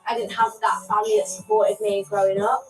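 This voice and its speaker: A young woman chatting to camera in a gushing, excitable way, her words running on fast. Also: mid-range voice, over music. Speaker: documentary subject. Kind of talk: casual chat to camera. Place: on the go, then a theatre. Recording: echoey, from far off the mic.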